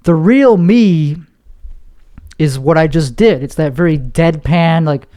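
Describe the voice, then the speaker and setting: A man's voice: a little high, takes it slowly, warm tone. A young man hosting a podcast, rambling through a confessional monologue, swearing and mocking himself. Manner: rambling, self-mocking, profane, slips into put-on voices. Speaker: podcast host, comedian.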